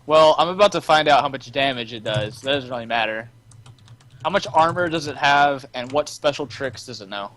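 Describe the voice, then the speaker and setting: A man's voice: medium pitch, brisk, fairly bright tone, slight background noise. A man playing in a tabletop game, chatting casually and jokingly with gamer slang. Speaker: player.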